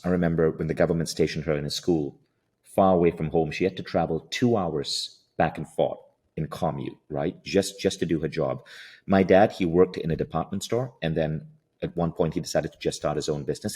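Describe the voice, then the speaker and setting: A middle-aged man from Malaysia, talking as an interview guest in a calm, soothing, slow meditation-teacher voice. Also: deep voice, slightly rough. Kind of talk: interview conversation.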